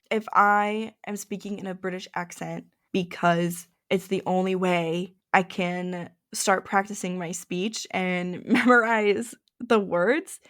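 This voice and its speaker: A young woman hosting a casual solo podcast, rambling and giggling as she looks things up and reacts to them. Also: medium pitch. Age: young adult. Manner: chatty, rambling, giggly, self-interrupting. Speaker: podcast host.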